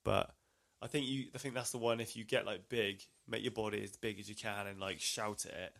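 A man's voice: lowish voice, steady tone, fairly quick, creaky, a bit bright. A man co-hosting a podcast, chatting casually, rambling and unsure of his facts, with dry jokes. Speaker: podcast co-host. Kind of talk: casual comedic chat.

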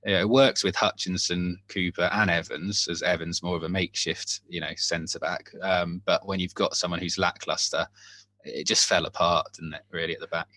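A man with a very low voice that still comes across bright and forceful, chatting casually as a football podcast co-host. He is candid, laughs often and swears when annoyed. The sound is close and dry. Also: steady tone, moderate pace, dry recording. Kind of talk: casual chat.

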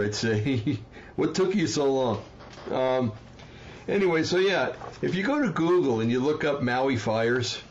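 A man's voice: mid-range voice, highs cut off, a little hiss or hum. Heated rambling man on a livestream. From New Jersey. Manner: rambling and heated, with frequent fillers and apologies. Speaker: livestream host. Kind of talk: casual livestream commentary.

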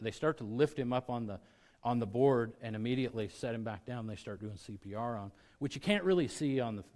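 A man preaching to a congregation, relaxed and conversational. He restarts his sentences and talks straight to the people in front of him. His delivery swings between quiet, low passages and sudden loud bursts of emphasis. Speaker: pastor. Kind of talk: sermon.

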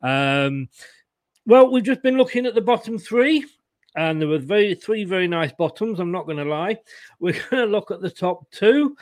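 A man's voice: sits high, expressive, moderate pace, no echo. A man hosting a casual fan chat show, jokey and teasing, laughing often. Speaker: host.

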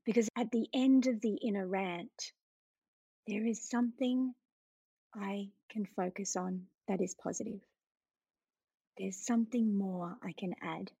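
Middle-aged woman, solo podcast host, gentle and reflective, slightly husky voice. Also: mid-range voice, fairly even intonation, slow pace, pauses often, no room sound.

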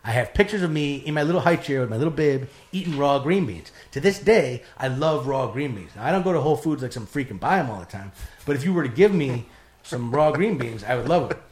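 A man tells a rough story in a loose, casual way. He is animated and profane, and he jumps into other people's voices as he goes. His voice sits at a middle pitch. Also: quick pace. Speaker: guest telling his life story.

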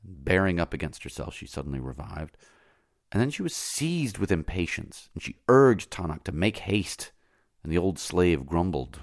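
A man narrating a literary novel as an audiobook, reading slowly and in a measured way that often drops to a hush. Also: very deep voice, expressive, creaky, no echo, studio quality. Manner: slow, measured, often hushed.

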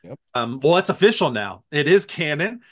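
Male podcast co-host, casual and animated, slightly higher voice, quick to laugh. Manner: laughs often, animated storytelling. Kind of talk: casual chat.

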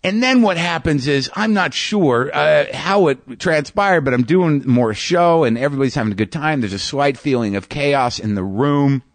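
A man, a podcast host and stand-up comedian, telling a story in a halting way, often restarting and repeating words as he searches for them. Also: fairly high pitch, lively intonation, dry recording. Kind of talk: storytelling monologue.

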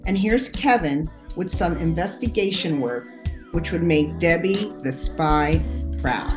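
A woman hosting a podcast, delivering a scripted narration in a lively, playful way. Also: fairly low pitch, measured pace, reverberant, music in the background.

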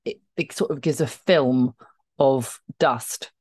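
A woman's voice: extremely low pitch, slow, darkish tone, breathy edge, no room sound, studio quality. A woman co-hosting a podcast, chatting casually in a wry, teasing way. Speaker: podcast co-host. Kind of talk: casual chat.

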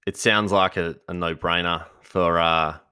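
Upbeat man, deep smooth voice. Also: steady tone, a little slow, pushed and bright, dry recording, clean studio sound. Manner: upbeat, enthusiastic interjections. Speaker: podcast host. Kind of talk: casual podcast chat.

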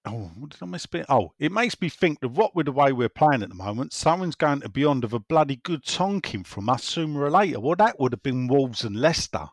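A man's voice: mid-range voice, very animated, fairly quick, few pauses. A man talks in a loose, conversational way. He circles back over his points and reads listener messages aloud in a mid-range voice. The sound is dry, with no room echo. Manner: rambling, conversational, repeats himself. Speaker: football podcast host reading listener messages. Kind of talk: casual chat.

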